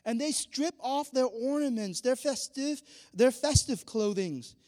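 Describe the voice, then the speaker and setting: A man preaching a sermon, animated, acting out quoted dialogue and laughing often. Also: very high voice, unhurried. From Vietnam. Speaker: pastor. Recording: long hall reverb.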